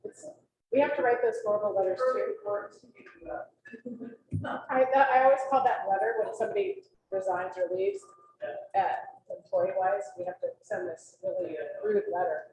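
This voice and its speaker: A woman's voice: mid-range voice, steady tone, normal speed, pauses often, a little mellow. A woman staff member chatting and joking casually during a break in a public meeting. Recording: echoey room with faint noise.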